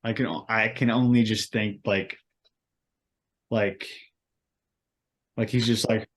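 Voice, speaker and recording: A man's voice: fairly low pitch, steady tone, takes it slowly. Rambling, hesitant podcast co-host man. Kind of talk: casual chat.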